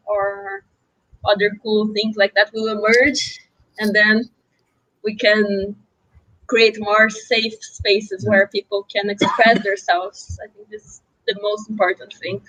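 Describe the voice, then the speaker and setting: A speaker in a discussion with a bright, clear tone, choosing each word with care. The sound is close and dry. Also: mid-range voice, no room sound, muffled recording. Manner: careful, searching for words. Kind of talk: panel discussion.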